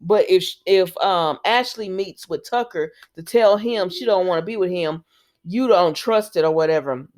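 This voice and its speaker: A woman's voice: fairly low pitch, normal speed, darkish tone. A woman in a casual, chatty recap who talks straight to her viewers. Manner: chatty, conversational, acts out characters' lines while retelling. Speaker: soap opera recap host.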